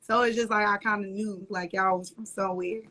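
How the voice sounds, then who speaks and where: A woman's voice: medium pitch, steady tone, fairly quick, sharp tone. A young woman, a guest and mother, chatting casually and laughing often on a live video call from a little corner at home. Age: young adult. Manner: laughing often, loose slangy storytelling. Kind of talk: casual interview chat.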